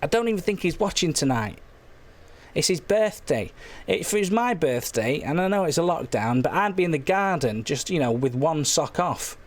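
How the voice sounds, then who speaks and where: Guy hosting a silly phone-in stream, bit hoarse, higher voice, deadpan absurd rambling. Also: moderate pace. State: slightly hoarse. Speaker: phone-in show host. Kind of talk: comic late-night phone-in banter.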